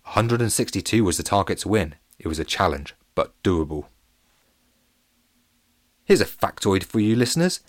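A man narrating a children's story in a playful, animated and comic way. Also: on the low side, normal speed, long pauses, no room sound, studio quality.

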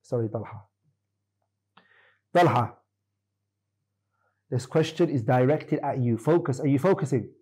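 A man's voice: mid-range voice, measured pace, long pauses, a little mellow, slightly rough, rough recording. A man teaching a classroom lesson on Islamic law, quizzing his students by name and correcting them firmly.

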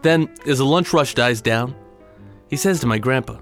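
A man's voice: medium pitch, moderate pace, fairly bright tone, soft background music. Man telling a story in punchy phrases. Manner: punchy, short clipped phrases. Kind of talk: dramatic personal storytelling.

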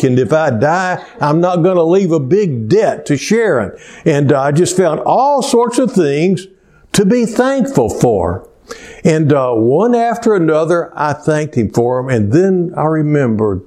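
An older man preaching a sermon in a slow, earnest storytelling way, pausing often with "uh" fillers. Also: on the high side, darkish tone. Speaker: pastor.

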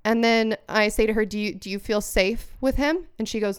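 A woman's voice: fairly high pitch, a little fast, hardly any pauses, smooth. A woman telling a story in casual chat, acting out the quotes animatedly and swearing freely. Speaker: storyteller recounting a workplace incident.

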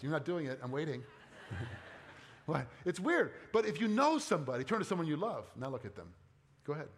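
A middle-aged pastor delivers a sermon in a friendly, conversational way. His voice sits a bit high for a man. He keeps turning to the congregation with questions. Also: a bit bright.

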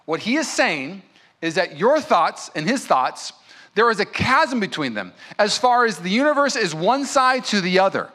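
A male pastor preaches to a congregation in an emphatic, conversational way, weaving in stories. His voice is bright and forceful, sitting a little high for a man, and he talks to the room as if to friends. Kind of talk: sermon. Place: church in front of a congregation.

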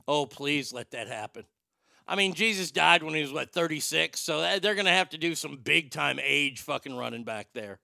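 A man hosts a talk show with loose, joking, irreverent banter. His voice is gravelly and bright, with a crisp, clean tone. The sound is dry and close. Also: a little high, lively intonation, normal speed, dry recording. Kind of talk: casual comedic banter.

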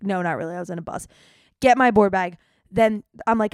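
A young woman hosting a podcast, telling stories in an animated, chatty way, with dramatic retellings. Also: medium pitch, fast talker, vocal fry, no room sound. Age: young adult. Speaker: podcast host. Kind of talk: casual storytelling monologue.

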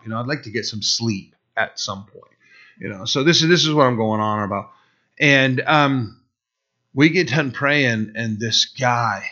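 A middle-aged man preaching in a casual, storytelling way, animated and acting out what people said, with many restarts. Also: fairly low pitch. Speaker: pastor. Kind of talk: conversational sermon with personal story. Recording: dull, slightly lo-fi sound.

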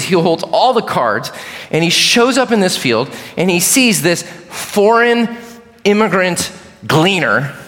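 A man preaching a sermon, emphatic, asking his listeners direct questions and dropping to low, hushed lines. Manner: emphatic, swinging from loud declarations to low hushed asides; asks the congregation direct questions. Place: church sanctuary. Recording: long reverb of a large hall.

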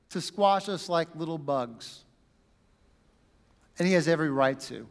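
A man preaching a sermon, dramatic, swinging from loud bursts down to a near whisper. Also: a little high, lively intonation, measured pace, long pauses, big-room sound. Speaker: pastor.

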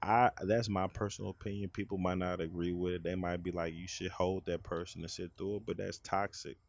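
Gravelly low-voiced man speaking frankly. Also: little pitch movement, brisk, dry recording. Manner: frank, opinionated, explains his view at length. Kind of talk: casual conversation.

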